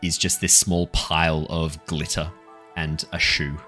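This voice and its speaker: A man's voice: extremely low pitch, little pitch movement, a little slow, bright, forceful tone, soft background music. A man narrating as dungeon master in a casual, stammering way. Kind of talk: narrating a tabletop game.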